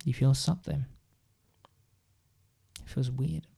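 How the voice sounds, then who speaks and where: A man's voice: medium pitch, steady tone, slow, creaky, dark tone, husky. A man casually telling a rambling story in the second person, with playful asides.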